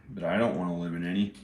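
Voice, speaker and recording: A man's voice: sits low, a little mellow, a little hiss or hum. A man vlogging alone, muttering his rambling thoughts as they come. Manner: muttering to himself, meandering. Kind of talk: rambling solo vlog. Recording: echoey room.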